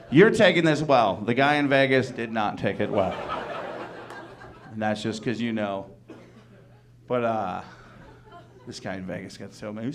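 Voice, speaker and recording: Man, stand-up comedian from Wisconsin, slightly high voice, rambling delivery, laughs at his own lines, club stage mic. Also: normal speed, a little hiss or hum.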